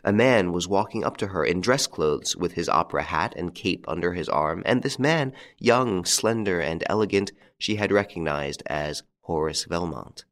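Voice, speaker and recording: A man narrating a novel as an audiobook reader, measured and even. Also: low-pitched.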